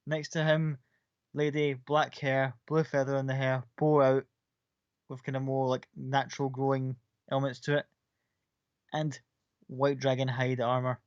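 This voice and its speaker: A man's voice: medium pitch, level tone, unhurried, long pauses, clean tone, dry recording, lo-fi sound. A man running a tabletop game as game master, narrating scenes casually and with some swearing.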